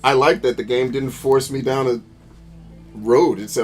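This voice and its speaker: A man's voice: mid-range voice, fairly even intonation, moderate pace, faint music behind. Profane, ranting man over gameplay. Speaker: gameplay commentator. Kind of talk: rambling commentary over gameplay.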